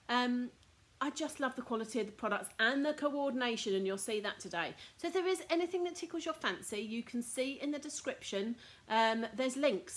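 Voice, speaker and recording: A middle-aged woman from the UK hosting a casual live craft demo, chatty with lots of ums. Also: fairly high pitch. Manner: chatty, frequent ums, laughs at herself. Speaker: card making teacher and host.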